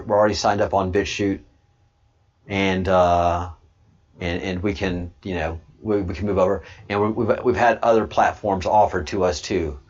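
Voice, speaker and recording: A man hosting a livestream and answering chat, halting with many restarts, then repeating points slowly and with emphasis. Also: on the low side, dull audio. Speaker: channel host.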